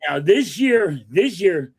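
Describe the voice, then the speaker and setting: A man's voice: sits high, very animated, takes it slowly, breathy edge. A man talking sports casually as a podcast co-host, often agreeing and building on his partner's points.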